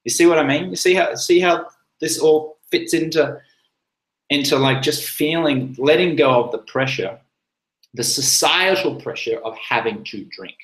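A man's voice: fairly high pitch, unhurried, fairly bright tone, roomy sound, rough recording. A man hosting a live chat, telling a personal story in a rambling, casual way with many fillers and restarts. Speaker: livestream host.

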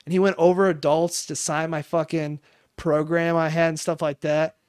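A young man who grew up near Chicago, co-hosting a podcast and telling an animated, profanity-heavy story, acting out the other people in it. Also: fairly high pitch, normal speed, clear, resonant tone, no echo, studio quality. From Chicago area, United States. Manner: animated, swears a lot, acts out quoted voices. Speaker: podcast co-host. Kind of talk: casual storytelling chat.

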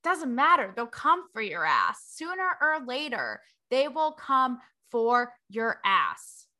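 A young woman reporter hosting her own show, talking to camera in a sarcastic, animated way and laughing between points. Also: a little high, slow. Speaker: reporter and host. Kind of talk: opinionated talk to camera.

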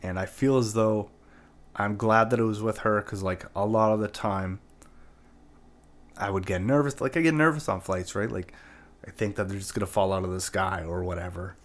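A man's voice: fairly low pitch, normal speed. A man from Canada telling a personal anecdote in a casual, profane, rambling way, full of "like" and "right?". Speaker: storyteller.

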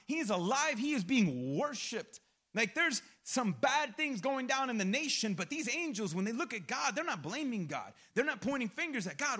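Young guy preaching, high bright voice, super animated and chatty, slangy asides. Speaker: pastor. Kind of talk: sermon.

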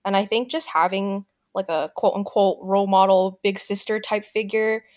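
A woman's voice: medium pitch, fairly even intonation, normal speed, a little mellow. A young woman co-hosting a podcast, chatting in an easygoing, supportive way. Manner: easygoing, supportive, says "like" often. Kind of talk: casual chat.

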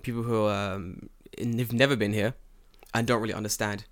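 His voice sits on the low side, steady and fairly bright, at a moderate pace. He lives in Japan and is chatting loosely on a podcast, cursing freely while telling stories and imitating the voices in them.

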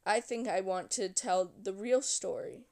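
A calm, brooding male vampire voiced by a woman reading a novel aloud recounts his past in a slow, unhurried way. The voice is smooth and clear, never rushed, with a measured storybook cadence. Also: medium pitch, lightly acted. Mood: reflective.

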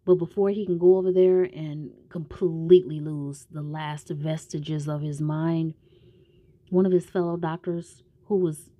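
A woman's voice: lowish voice, warm tone, no room sound. A woman casually recapping a TV show in a slangy, rambling way, with some profanity.

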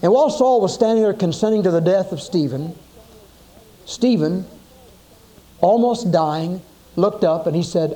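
Mellow-voiced man preaching a sermon. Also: normal speed, pauses often. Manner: dramatic storytelling, acting out quoted voices with rising pitch.

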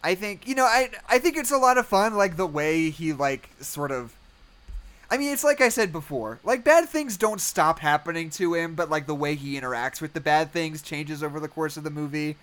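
A woman's voice: sits low, lively intonation, moderate pace. A woman in casual conversation about a movie, chatty and full of fillers, laughing easily. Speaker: podcast co-host. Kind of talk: casual movie review chat.

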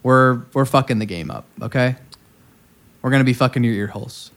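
Male podcast co-host, crude riffing comedian, clean smooth tone. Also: mid-range voice, brisk. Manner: raunchy, jokey riffing.

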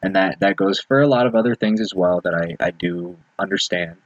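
A man's voice: sits low, brisk, no room sound. A man talking earnestly in a casual podcast chat, swearing and using many fillers. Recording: dull lo-fi dry sound.

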